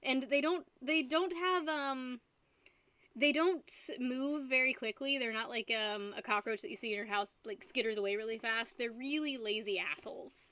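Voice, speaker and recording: Bright-voiced giggly woman streamer. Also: a little high, normal speed, no room sound. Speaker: live-stream host. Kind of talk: casual chat while painting. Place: at home.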